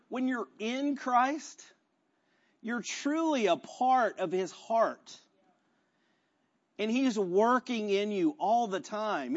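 A male pastor preaching a sermon in a conversational, animated style, acting out quotes as he tells stories. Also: high-pitched, muffled recording.

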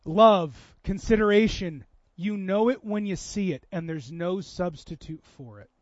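A man in his thirties preaching a sermon, telling stories with swings from loud bursts to quiet moments. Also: high-pitched, a little slow, no room sound, highs cut off. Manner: animated storytelling, swings from loud to soft. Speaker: pastor.

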